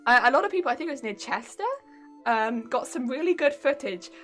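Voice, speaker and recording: A woman's voice: sits high, animated, a little fast, a bit bright, faint music behind. Giggly British woman streamer. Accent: British English. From England. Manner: giggly and chatty, reacting to chat. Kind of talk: casual live-stream chat.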